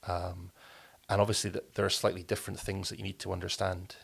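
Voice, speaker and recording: A man speaking as a podcast guest, explaining his work in relaxed interview talk, with frequent restarts and fillers. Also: sits low, quick pace, gravelly, slightly rough. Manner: thoughtful, many restarts and fillers. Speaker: podcast guest, company co-founder.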